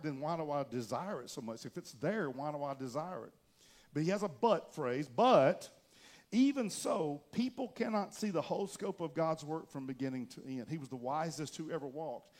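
A man pastor preaching a casual sermon in church, joking with his congregation and punching words with loud emphasis. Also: fairly high pitch.

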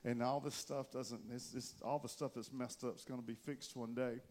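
A man pastor preaching a casual sermon in church, joking with his congregation and punching words with loud emphasis. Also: mid-range voice, level tone, normal speed.

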